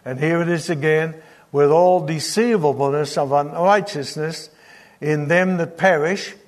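Male preacher, slightly high voice, teaching sermon with scripture reading and questions to the congregation. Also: steady tone, unhurried.

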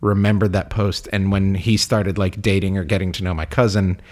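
This podcast co-host's somewhat low voice has a level, darkish tone and moves at a moderate pace. In casual chat he rambles, laughs a lot and peppers his speech with "like."

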